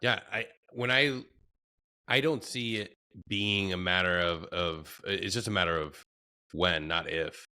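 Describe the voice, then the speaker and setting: Male podcast host, deep and unhurried, bright edge, short laughing reactions. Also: clear, resonant tone. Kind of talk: casual conversation.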